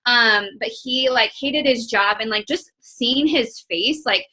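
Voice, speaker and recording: A young woman from Iowa gives a motivational team-call talk to fellow coaches. Her voice is bright and sits a little high. She talks in a loose, candid, chatty way, full of fillers. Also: measured pace. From Iowa, United States. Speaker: fitness coach.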